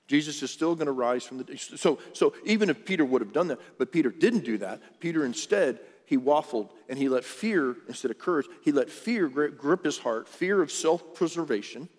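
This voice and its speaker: Earnest preacher in a reverberant hall. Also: male voice, fairly high pitch, animated, normal speed, hardly any pauses, a little mellow. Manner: conversational, earnest, with many restarts. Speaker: pastor. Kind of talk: sermon. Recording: long reverb of a large hall.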